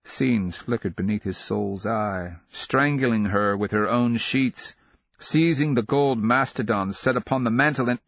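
A man narrating a fantasy audiobook in a measured, dramatic storytelling manner. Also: fairly low pitch, a bit bright, slightly rough, dry recording, lo-fi sound.

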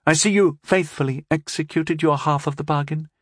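A man's voice: a little high, steady tone, moderate pace, no room sound, studio quality, voice pushed up, lightly acted. A man doing a sly, scheming young princess. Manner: sly, condescending, drawling. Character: scheming sixteen-year-old princess, cold and tipsy. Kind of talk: audiobook character voice.

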